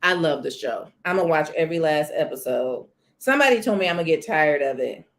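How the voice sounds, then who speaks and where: A woman chats casually on her live stream. She talks a lot and leans on words, often saying them twice. Her voice sits a little low, and her pitch swings widely from phrase to phrase. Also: animated, a little fast, slight background noise. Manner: chatty, emphatic, repeats herself. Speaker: channel host.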